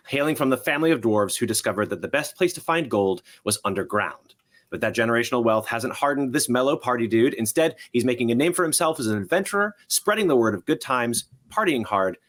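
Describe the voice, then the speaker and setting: A man running a tabletop game as game master, upbeat and quick to laugh. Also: medium pitch, a bit bright.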